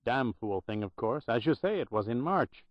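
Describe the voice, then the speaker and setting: A man voicing a talkative, wry elderly Irish hospital clerk with a loud brogue, on a dull, dry recording. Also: mid-range voice, lively intonation, normal speed, dry recording, lightly acted. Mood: sardonic. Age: older. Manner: loud brogue, sardonic storytelling.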